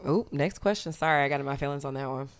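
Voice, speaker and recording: A young woman co-hosting a podcast, chatting casually and telling animated stories full of fillers. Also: very deep voice, fast talker, clean tone. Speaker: podcast co-host. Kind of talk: casual chat.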